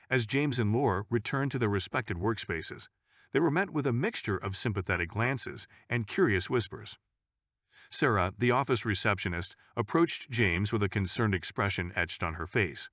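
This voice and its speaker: A man reading a scripted story in a measured, even storytelling manner. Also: fairly low pitch, dry recording, clean studio sound. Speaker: narrator.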